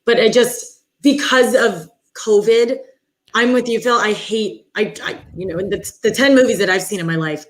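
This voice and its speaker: A woman co-hosting a podcast, chatting casually with jokey, quick asides. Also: mid-range voice. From Boston area. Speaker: podcast co-host.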